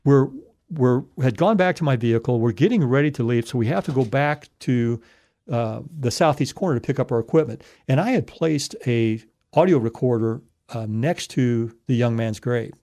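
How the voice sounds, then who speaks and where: Warm-voiced man telling a rambling story. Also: medium pitch, expressive, normal speed, dry recording. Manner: rambling, with many fillers and restarts. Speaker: paranormal investigator guest. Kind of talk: casual storytelling.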